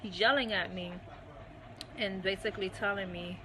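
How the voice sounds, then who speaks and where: A woman's voice: medium pitch, fairly even intonation, crowd noise. Woman telling a candid personal story. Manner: unhurried, with frequent "um" and "you know". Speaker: guest recounting her marriage.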